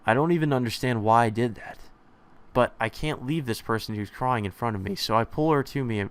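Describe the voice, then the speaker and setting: A man's voice: medium pitch, a little fast, smooth. A man reading a visual novel aloud, with small stumbles and restarts. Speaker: let's play narrator. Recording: music playing behind.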